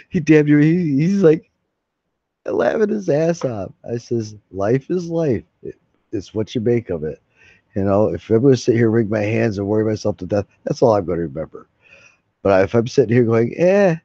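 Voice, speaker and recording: A man's voice: medium pitch, dark tone, no echo. A man live streaming, chatting casually to his viewers in a rambling, folksy way and swearing freely. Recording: dull lo-fi mic.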